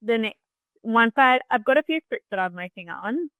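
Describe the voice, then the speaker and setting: A young woman co-hosting a podcast, animated and quick to jump in. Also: fairly high pitch, dry recording. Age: young adult. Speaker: podcast co-host. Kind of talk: casual chat.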